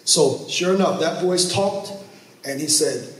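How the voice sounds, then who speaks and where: A man's voice: fairly high pitch, unhurried. A male pastor preaching a sermon and telling a story, his voice climbing and dropping sharply for dramatic effect. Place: church sanctuary. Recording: echoey church, mic at a distance, faint noise.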